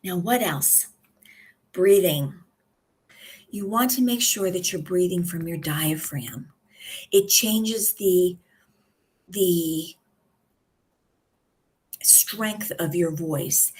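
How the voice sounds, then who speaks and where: A woman coaching on public speaking in a live video lesson, calm and instructive, pausing deliberately between points. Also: fairly low pitch, breathy edge. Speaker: communication coach. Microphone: live video stream.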